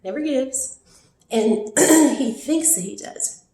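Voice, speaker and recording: A woman vlogging about a painful relationship, teary and worn from crying, talking in a raw, rambling way with throat-clearing. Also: a little high, expressive, slow pace, mellow, roomy sound. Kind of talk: emotional personal vlog confession.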